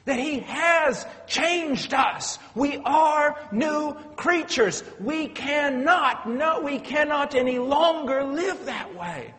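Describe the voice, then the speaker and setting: A man delivers a sermon with a notably high voice that rings through a long-reverb hall. He drops into quiet, low storytelling, then builds to loud, urgent outbursts. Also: lively intonation, slow, few pauses. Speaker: preacher.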